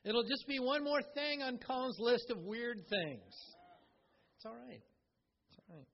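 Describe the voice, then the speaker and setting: A pastor delivers a sermon in a relaxed, conversational way, dropping into little acted-out quotes as he goes. His voice sits very high for a man. The recording sounds dull and lo-fi. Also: a little slow, creaky.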